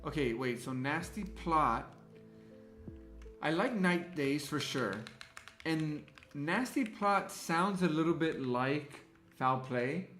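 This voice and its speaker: A man with a slightly high voice hosts a relaxed livestream and takes his time, thinking out loud as he works on a design. He talks in an unhurried, easy way and stops to greet his chat. The room sounds roomy, with soft music playing behind him. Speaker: livestream host and graphic designer.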